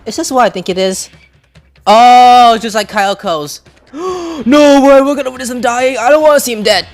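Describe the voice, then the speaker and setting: A woman giving let's play reaction commentary, excitable, with loud outbursts and swearing. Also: a little high, moderate pace, faint music behind. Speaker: gaming YouTuber.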